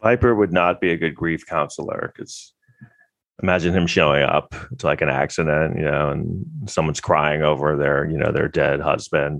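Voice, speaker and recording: A man's voice: a bass voice, fairly even intonation, moderate pace, vocal fry, a bit bright, dry recording. A man vlogging casual movie commentary in a rambling, wry way with lots of fillers.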